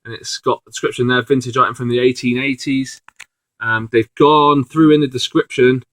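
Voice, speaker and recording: A man's voice: mid-range voice, fairly even intonation, normal speed, a bit bright, dry recording, low-quality recording. A man talks casually through his finds as a reseller vlogger, rambling along with lots of fillers and restarts. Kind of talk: casual video commentary.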